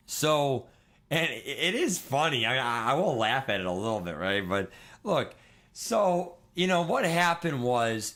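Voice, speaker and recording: A man in his twenties chatting casually on a livestream, rambling and excitable, swearing and laughing as he talks. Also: medium pitch. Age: 20s. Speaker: streamer.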